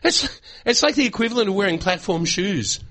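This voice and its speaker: Aussie man, radio food show host, bright giggly rambling banter. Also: sits high, expressive, a little fast. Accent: Australian. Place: radio studio. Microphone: studio microphone.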